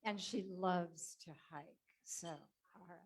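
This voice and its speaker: A woman's voice: lowish voice, slow pace, breathy edge. Friendly woman introducing a guest.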